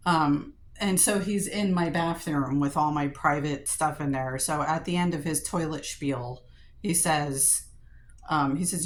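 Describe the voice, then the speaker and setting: A woman's voice: sits low, unhurried. A middle-aged woman speaking in a personal diary vlog, venting in an upset, profane way with frequent fillers and restarts. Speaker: vlogger.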